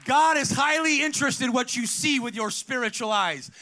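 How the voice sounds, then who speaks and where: High, bright-voiced preaching man. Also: normal speed, a faint crowd, slight background noise. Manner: preaching with call-outs to the congregation, storytelling. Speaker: pastor. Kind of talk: energetic sermon.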